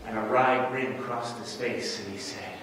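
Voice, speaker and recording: A man with a Canadian accent giving a lively storytelling speech to a live audience in a large hall. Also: mid-range voice, unhurried. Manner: animated, playful, audience-engaging. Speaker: speech contestant. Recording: echoey hall, distant mic, audience noise.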